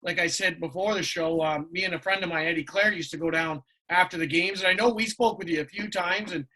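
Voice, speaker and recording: A man's voice: high-pitched, steady tone, fast talker, bright, forceful tone, low-quality recording. A middle-aged man from Canada co-hosting a podcast, chatty and effusive, with lots of "you know" fillers. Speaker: podcast co-host. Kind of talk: casual chat.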